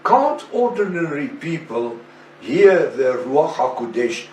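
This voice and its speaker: Man, preacher, slightly high voice, echoey room, faint background ambience. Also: big pitch swings, a little mellow, far from the mic, slight background noise. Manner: slow and deliberate, with rhetorical questions. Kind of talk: sermon-style teaching monologue.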